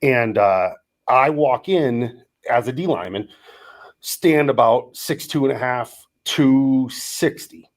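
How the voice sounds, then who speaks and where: A middle-aged man co-hosting a podcast, telling lively stories and acting out the quotes. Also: mid-range voice, slow. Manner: animated storyteller acting out quotes. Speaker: podcast co-host. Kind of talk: casual storytelling chat.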